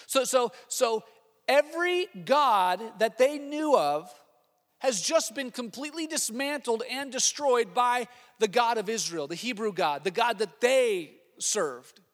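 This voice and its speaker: A man preaching a sermon as lead pastor, animated, swinging from loud exclamations to quiet asides. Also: very high-pitched, takes it slowly, in a large hall.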